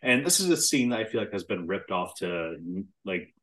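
A man's voice: fairly low pitch, big pitch swings, moderate pace, a bit bright. A man co-hosting a podcast, chatting casually about a film, swearing freely and laughing often. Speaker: podcast co-host.

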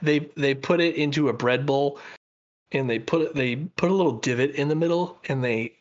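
A man's voice: mid-range voice, normal speed, highs cut off. A man co-hosting a podcast, chatting casually and enthusiastically with lots of fillers and restarts. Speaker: podcast co-host.

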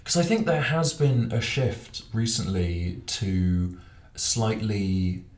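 A young man co-hosting a podcast, chatty and quick to laugh as he talks about films. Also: on the low side, a little mellow. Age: young adult. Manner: chatty, laughs easily, restarts a lot. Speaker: podcast co-host. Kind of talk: casual chat. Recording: echoey room.

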